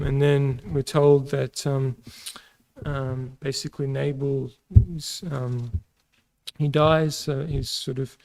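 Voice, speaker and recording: An Australian man teaching a casual Bible lesson, pausing often with ums and restarts. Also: medium pitch, creaky, a little mellow, poor audio. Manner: halting, many ums and restarts.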